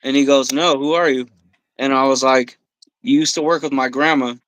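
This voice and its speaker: A man telling a story on a podcast, swearing freely and quoting himself and others in an animated way. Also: mid-range voice, normal speed, rough recording. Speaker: podcast guest. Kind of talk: casual storytelling. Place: podcast studio.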